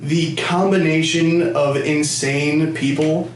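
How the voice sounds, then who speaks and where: A comedian and podcast host rambles through family stories, swearing freely and restarting his sentences. His voice sits a bit high for a man. The audio is roomy and distant, picked up by a camera across the room. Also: fairly even intonation, slow pace. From United States, Connecticut. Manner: loose, profane, rambling with restarts. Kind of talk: casual comedic storytelling.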